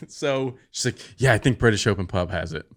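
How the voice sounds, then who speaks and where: A man in his thirties, a podcast host, telling a story in casual chat and acting out the quotes with sudden high-pitched outbursts. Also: fast talker, a bit bright.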